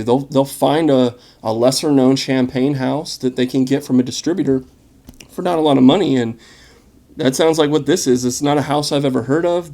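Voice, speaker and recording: A man hosting a casual wine tasting, talking in a relaxed, chatty and enthusiastic way with plenty of fillers. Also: mid-range voice. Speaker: wine vlogger.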